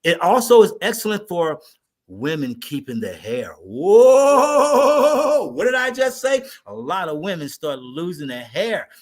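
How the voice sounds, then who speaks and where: Man, fairly high voice, talk show guest, lively storytelling, talks straight to the host. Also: measured pace. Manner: animated storyteller, addresses the host directly. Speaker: natural remedies advocate, guest.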